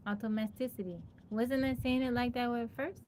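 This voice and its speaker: A woman's voice: fairly high pitch, steady tone, a little fast, a little mellow, slight background noise. Playful woman live-streaming. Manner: playful, laughs often, thanks viewers by name; sounds out a hard word again and again. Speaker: livestreamer. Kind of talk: casual live-stream chat.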